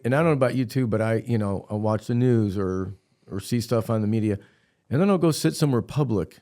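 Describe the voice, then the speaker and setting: A man's voice: lowish voice, fast, warm tone. A man hosting a casual conversation, chatty and loose, letting his thoughts wander. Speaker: host.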